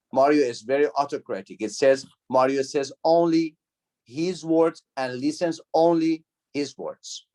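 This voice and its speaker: A man's voice: a little high, a little mellow. Lecturer quizzing his class. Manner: non-native phrasing, repeats key words, asks the class questions. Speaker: university lecturer. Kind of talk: online lecture with student questions. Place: video call.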